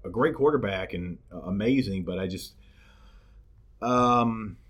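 A man's voice: on the low side, measured pace, fairly bright tone, slightly rough. A man co-hosting a podcast in casual chat, rambling and hesitant and often repeating words. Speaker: podcast co-host.

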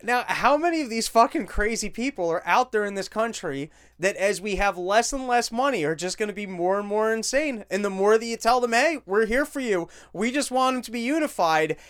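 A man's voice: sits high, expressive, brisk, few pauses, fairly bright tone, clear, resonant tone. A man hosting a podcast, commenting on video clips in a crude, joking, rambling way. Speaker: podcast host.

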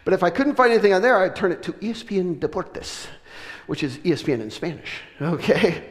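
A middle-aged man from the US West Coast preaching from a church platform. His voice sits high, and he tells a story with animated, self-mocking humor. A long reverb from the big sanctuary trails each phrase. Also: fairly quick. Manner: animated, self-deprecating humor, frequent restarts. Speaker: pastor. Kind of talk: sermon with personal storytelling.

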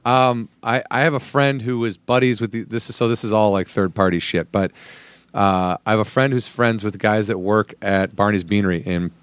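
A man's voice: fairly low pitch, fairly even intonation, normal speed, smooth, dry recording. A man on a casual podcast telling a long, rambling story full of fillers and laughs.

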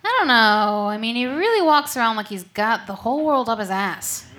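A woman's voice: on the high side, animated, normal speed, fairly bright tone. A woman playing a spaceship crew member in an improvised comedy, blunt and wisecracking. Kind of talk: improvised comedy role-play.

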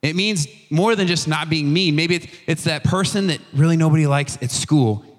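A young man giving a casual youth sermon, telling a story in a conversational, animated way with slang and restarts. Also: on the high side, moderate pace. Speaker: youth pastor. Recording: long hall reverb.

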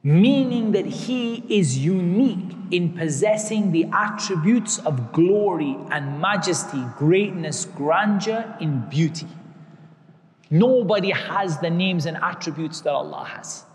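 A man's voice: high-pitched, animated, takes it slowly, in a large hall. A man giving a religious lecture, explaining terms patiently and repeating key words. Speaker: Islamic teacher.

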